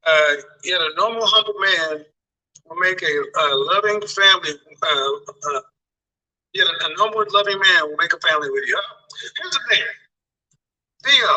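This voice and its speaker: A man's voice: high voice, pushed and bright, far from the mic, rough recording. A man lecturing viewers on dating in emphatic commentary, often repeating his phrases for effect.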